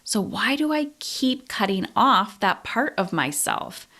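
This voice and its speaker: A woman's voice: medium pitch, sing-song, a little slow, bright, forceful tone. A woman in her thirties hosting a solo podcast, talking through her feelings in a candid, introspective way and swearing casually. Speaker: podcast host. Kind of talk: reflective solo podcast talk.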